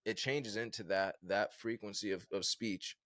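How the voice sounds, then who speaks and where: A man in his thirties from Virginia, a podcast guest telling a personal story in an animated, casual way with lots of fillers. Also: lowish voice, normal speed, dry recording, clean studio sound. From Virginia, USA. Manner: animated, conversational, many fillers like "like" and "bro".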